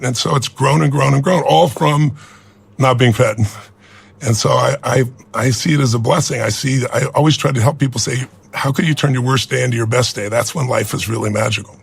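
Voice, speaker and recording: A man's voice: mid-range voice, a little fast, creaky, husky. A man in his sixties telling a personal story as an interview guest, earnest and reflective. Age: 60s.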